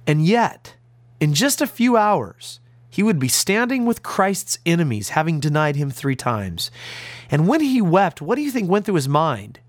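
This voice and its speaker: A man's voice: on the high side, big pitch swings, unhurried, dry recording. A man as a pastor preaching a radio sermon, earnest and emphatic, leaning on key words. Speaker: pastor and radio Bible teacher.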